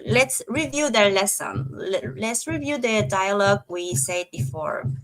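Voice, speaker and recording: A woman's voice: mid-range voice, animated, unhurried, fairly bright tone, low-quality recording. A woman co-hosting a Chinese grammar lesson, explaining carefully and giving examples. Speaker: Chinese teacher.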